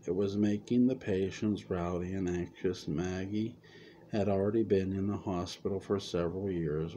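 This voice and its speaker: A man narrates a serialized story in a very deep, mellow voice. He reads slowly and evenly, stumbling over a word now and then. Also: slight background noise. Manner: unhurried storytelling with occasional stumbles. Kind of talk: reading fan fiction aloud.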